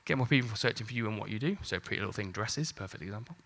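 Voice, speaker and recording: A man in his forties gives a live conference talk on marketing, keeping it casual and jokey with mild swearing and acted-out exchanges. His lowish voice is animated, rapid-fire, and creaky, with a fairly bright tone.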